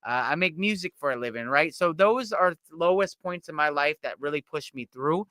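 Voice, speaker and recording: A man's voice: a little high, expressive, fairly quick, pushed and bright, no room sound. A man co-hosting a casual recovery talk, upbeat and reflective, often tagging thoughts with "right?". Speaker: musician and podcast co-host.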